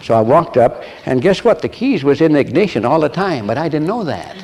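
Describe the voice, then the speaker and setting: An older man preaching a sermon, telling a story with animated voices and laughter. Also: a little high, brisk. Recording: long echo of a large hall, faint ambience.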